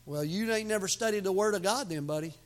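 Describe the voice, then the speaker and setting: High-voiced emphatic preacher man. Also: fast, soft background music. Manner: emphatic preaching with sudden loud outbursts and humor. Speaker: pastor. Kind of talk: sermon.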